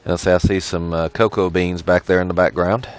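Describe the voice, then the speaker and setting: A man's voice: low-pitched, fairly even intonation, a little fast, a little hiss or hum. A man hosting a casual game tour, asking easygoing questions and chuckling along. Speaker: video host.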